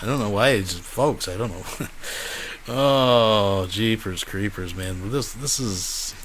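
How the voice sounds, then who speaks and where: A man's voice: fairly low pitch, takes it slowly, background noise. A man hosting a show, making dry, mocking, sarcastic comments on the clips to his audience.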